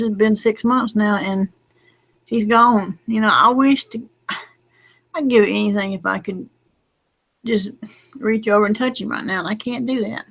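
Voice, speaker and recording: A woman's voice: mid-range voice, fairly even intonation, unhurried, vocal fry, long pauses. A middle-aged woman, talking in a late-night casual vlog, rambling and folksy, drowsy and close to tears. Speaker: lottery number vlogger.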